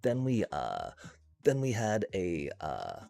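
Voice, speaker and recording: A man with a very low, gravelly voice rants his way through a card game on stream, swearing at nearly every turn. His pitch swings widely as he vents. Faint music plays underneath. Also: huge pitch swings, slow pace, warm tone. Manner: frustrated, swears constantly, rants. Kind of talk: casual gaming commentary.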